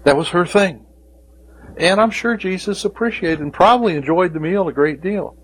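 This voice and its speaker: A man's voice: high voice, normal speed, slightly rough, low-quality recording. A man preaching a devotional sermon, speaking in an emphatic way and repeating key phrases.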